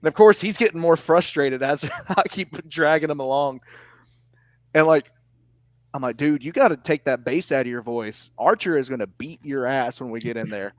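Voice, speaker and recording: A man's voice: mid-range voice, moderate pace, no room sound. A young man, a wrestling commentator, telling a story in casual podcast chat, acting out quotes and laughing often.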